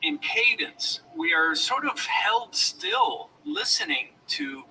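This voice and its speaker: A former law enforcement officer giving a motivational lecture, coaching his audience in a deliberate, demonstrative way, recorded from a distance. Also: very high-pitched, huge pitch swings, vocal fry, pushed and bright, a little hiss or hum.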